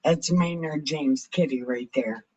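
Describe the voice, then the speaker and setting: A woman hosting a casual livestream, talking in a raspy, altered voice and rambling in a blunt, profane way. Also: sits low, a little slow, warm tone, poor audio. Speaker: livestream host reading the Bible. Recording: home livestream mic.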